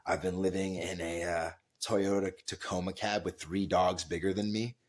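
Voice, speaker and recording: A man voicing a distraught woman customer in a low, subdued and halting way. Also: darkish tone, natural voice.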